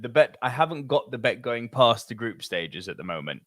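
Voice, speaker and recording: A man's voice: medium pitch, normal speed, fairly bright tone, no echo. A man from France co-hosts a casual podcast, reading out listener messages and reacting with easy laughs and loose swearing. His voice sits mid-range, recorded close and dry. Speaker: podcast co-host.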